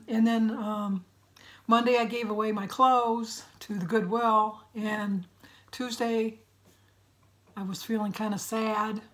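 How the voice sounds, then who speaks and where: A middle-aged woman from Michigan chatting in a casual vlog, her voice raspy and congested, clearing her throat often and apologizing as she rambles. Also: fairly high pitch. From Michigan, USA. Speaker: vlogger. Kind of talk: casual weight-loss update vlog.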